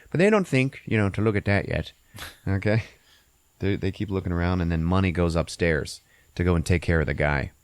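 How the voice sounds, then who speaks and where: A man hosting a podcast, recapping a movie in a profane, animated, laughing way. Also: sits low, dry recording. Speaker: podcast host.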